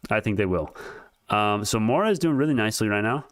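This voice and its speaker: A man hosting a live stock market stream, talking casually and excitedly, rambling and speaking straight to his chat. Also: on the low side, quick pace, dry recording, clean studio sound. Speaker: stock market livestream host.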